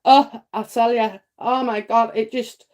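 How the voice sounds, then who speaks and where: Psychic lady on a live stream, kinda high voice, chatty and reassuring, lots of uh's. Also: steady tone, measured pace, darkish tone. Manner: chatty, reassuring, many fillers and "okay?". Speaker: psychic host answering viewer questions.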